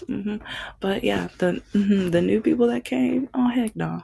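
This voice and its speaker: A woman's voice: medium pitch, fairly even intonation, a little slow, gravelly, warm tone, husky. A woman vlogging in a casual, rambling monologue full of fillers and restarts.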